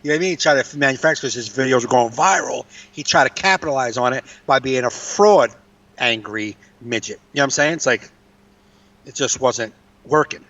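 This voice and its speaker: A man's voice: mid-range voice, a little fast, fairly bright tone. A man co-hosting a casual comedy podcast, ranting in a profane and exasperated way. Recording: distant, dull lo-fi mic.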